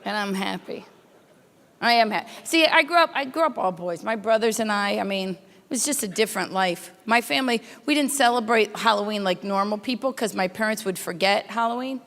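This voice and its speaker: A woman's voice: mid-range voice, fairly bright tone. A woman doing brash stand-up comedy with crowd work, hosting a corporate welcome night at a hotel conference. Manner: brash, teasing, rapid storytelling. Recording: echoey hall.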